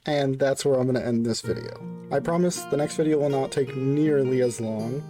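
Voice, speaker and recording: A man's voice: mid-range voice, normal speed, music in the background. A young man casually retelling a tabletop game session as a story. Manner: casual, filler-heavy.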